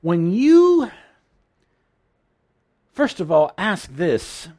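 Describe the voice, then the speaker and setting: A man's voice: sits high, sing-song, drawn-out words, a little mellow. A man preaching a sermon in an earnest, emotional way, often restarting his sentences.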